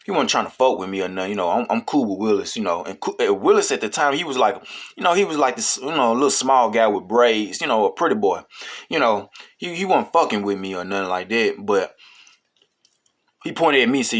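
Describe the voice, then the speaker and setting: A man's voice: on the low side, brisk, fairly bright tone. A man telling a story in a casual, rambling, profane way, with many fillers.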